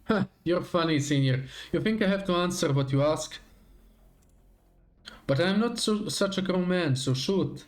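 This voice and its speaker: A man's voice: high voice, expressive, a little slow. A man reading a teasing church agent. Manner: playful, teasing. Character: breezy young male church agent, teasing.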